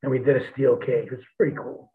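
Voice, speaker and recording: A man's voice: mid-range voice, level tone, fast. A man, a former pro wrestler, telling blunt, profane anecdotes in a rambling, casual way. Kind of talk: casual storytelling. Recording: tinny phone-like line.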